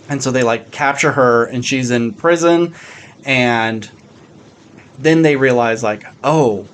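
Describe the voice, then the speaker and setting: With a mid-range voice and slight background noise, a man co-hosts a podcast in loose conversation. He rambles, fills his speech with "like," and swears a lot.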